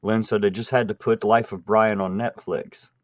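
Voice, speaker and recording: Low male host, playful and dry, greets the chat, dull dry lo-fi sound. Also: steady tone, moderate pace, no echo. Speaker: livestream host. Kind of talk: casual livestream chat. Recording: dry muffled lo-fi audio.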